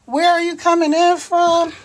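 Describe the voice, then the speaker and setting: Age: adult. Sex: woman. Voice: high-pitched. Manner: chatty. Style: casual livestream chat. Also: little pitch movement, normal speed, slight background noise. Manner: chatty, greets viewers, laughs often; walking around while talking. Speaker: livestream host.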